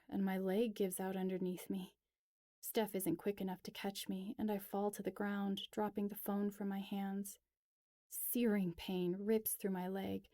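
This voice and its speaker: A woman reading a first-person story aloud, slow and measured. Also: medium pitch, dark tone, no room sound, studio quality. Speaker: reader.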